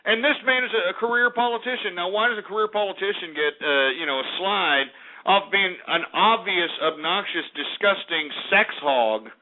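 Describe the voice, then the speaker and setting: A man's voice: sits high, moderate pace. A man hosting a talk radio show, ranting combatively and repeatedly asking "all right?". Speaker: radio host. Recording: tinny phone-like audio.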